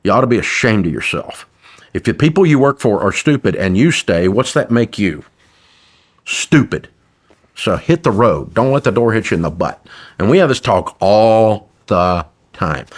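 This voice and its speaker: A man's voice: fairly low pitch, big pitch swings, moderate pace. An older man, a business owner guesting on a podcast, talking bluntly and emphatically and repeating his points like a sermon. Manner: blunt, emphatic, preachy and repetitive. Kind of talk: podcast interview.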